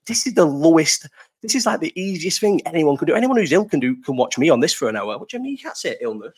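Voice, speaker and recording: A man's voice: on the high side, big pitch swings, fast. A man, hosting a casual live chat stream from home, telling rambling stories full of swearing and laughter into a partly covered desk mic. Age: 30s.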